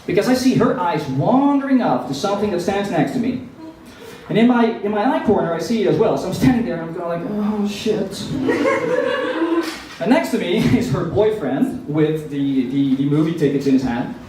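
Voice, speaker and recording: Animated stand-up comic in echoey club. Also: male voice, high voice, fairly quick. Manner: animated, self-mocking storytelling with acted quotes. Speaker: stand-up comedian. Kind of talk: stand-up comedy set. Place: café stage with live audience. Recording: echoey room, distant mic, crowd laughter.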